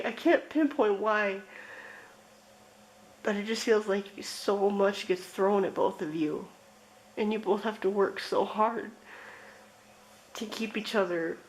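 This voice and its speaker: A woman's voice: medium pitch, rough recording. A woman giving a pick-a-card tarot reading, speaking in a reflective, emotional way. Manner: slow, emotional, reflective, with laughs. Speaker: tarot reader.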